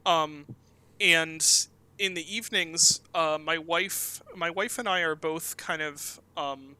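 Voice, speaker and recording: A man's voice: on the high side, fairly even intonation, slow pace, sharp tone, clear, resonant tone, rough recording. A man in his thirties, a game developer, talking casually and at length in an interview, with many fillers and restarts. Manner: talkative, rambling with many fillers.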